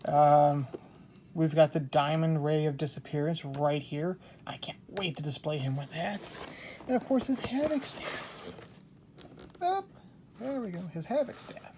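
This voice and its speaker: A man hosting a casual toy unboxing video, chatty and excitable, talking to himself as he works the packages open. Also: a little high, normal speed, noisy background. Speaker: toy collector host.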